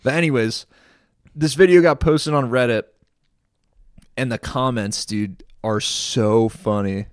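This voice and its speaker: Animated laughing man telling a war story. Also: mid-range voice, a little slow, no room sound, studio quality. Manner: animated, laughing often, says dude a lot. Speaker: guest, former soldier. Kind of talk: casual storytelling chat.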